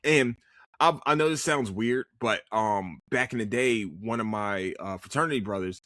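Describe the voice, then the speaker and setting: A man's voice: on the low side, moderate pace, bright, forceful tone, no echo, studio quality. A young man hosting his own podcast, reviewing a show in a loose, rambling, profane solo chat full of restarts. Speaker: podcast host.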